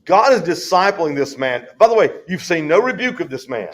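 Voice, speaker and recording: A man's voice: a little high, sing-song. Folksy man leading a Bible study. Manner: folksy, conversational, reads scripture slowly.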